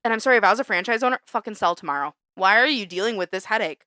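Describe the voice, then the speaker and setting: A young woman co-hosting a casual podcast, ranting heatedly, swearing often and jumping around in pitch when fired up. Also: racing, no echo, studio quality. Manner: animated, big jumps in pitch when fired up. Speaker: podcast co-host. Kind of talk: casual chat. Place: small studio under a lamp.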